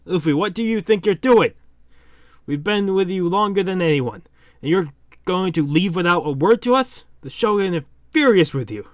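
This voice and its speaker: A man's voice: high-pitched, animated, normal speed, no echo, studio quality, voice pushed up. A man voicing a stern, loyal samurai retainer who formally scolds his captain. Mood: indignant.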